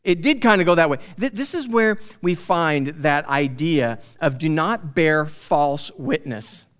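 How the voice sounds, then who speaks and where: A man teaching through a Bible passage in a conversational, animated way, often asking his listeners questions. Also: a little high, measured pace.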